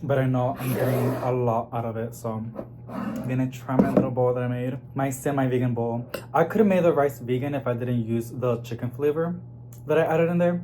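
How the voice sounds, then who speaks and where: Chatty excitable man vlogging at home. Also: medium pitch, slight background noise. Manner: chatty, excitable, addresses viewers as y'all. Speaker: plant vlogger. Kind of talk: casual chatty vlog. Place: home kitchen. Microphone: phone camera.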